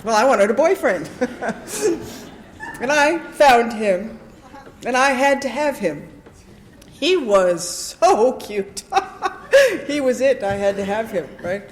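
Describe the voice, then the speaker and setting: A woman's voice: fairly high pitch, takes it slowly, pauses often, slight background noise. Woman telling a comic recovery story in a roomy hall. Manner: animated, comic storytelling with frequent "right?" asides. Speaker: recovery convention speaker. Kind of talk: personal recovery share before a live audience. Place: convention hall with a live audience.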